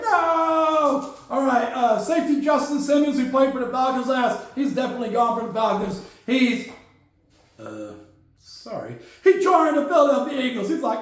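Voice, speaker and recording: A man hosting a casual solo sports podcast, rambling and joking as he acts out teams and players in quick put-on quotes. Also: extremely high pitch, animated. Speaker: podcast host. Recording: very echoey room.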